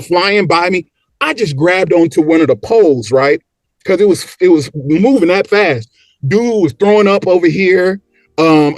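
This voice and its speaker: A man telling a story as a podcast guest, animated and acting out the quotes and motions as he goes. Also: sits high, dry recording. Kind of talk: casual storytelling.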